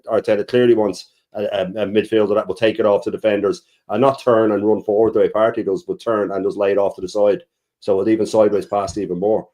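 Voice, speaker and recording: A man talking fast and bluntly, stressing his points with the odd swear word. His voice is low and mellow, with a dark tone. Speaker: co-host. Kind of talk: fast fan debate.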